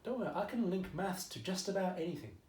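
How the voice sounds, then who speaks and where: A man's voice: high-pitched, lively intonation, fast, a little mellow, far from the mic, slight background noise. A man with an Essex accent teaching maths in a casual, jokey video lesson, often checking in with "okay?". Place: at home during lockdown. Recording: echoey room, mic set back.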